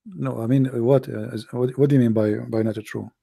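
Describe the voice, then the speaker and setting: A man's voice: mid-range voice, steady tone, brisk, creaky, dark tone, breathy edge. A man hosting a religious debate call, talking in a sarcastic, mocking way and pressing his questions. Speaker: host of a debate call-in show.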